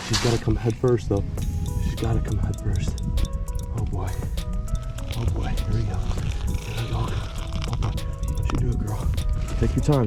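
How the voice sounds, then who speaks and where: Excitable young man ice fishing outdoors. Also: fairly low pitch. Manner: excitable, repeats exclamations. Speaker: fishing vlogger. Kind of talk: excited on-camera fishing vlog.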